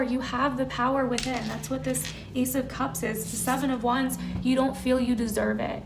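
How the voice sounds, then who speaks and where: A woman's voice: high voice, fairly even intonation, moderate pace, slight background noise. A young woman giving an earnest, emphatic tarot reading to camera in a casual way, full of "like" and "you know". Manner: earnest, emphatic, filler-heavy. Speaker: tarot reader.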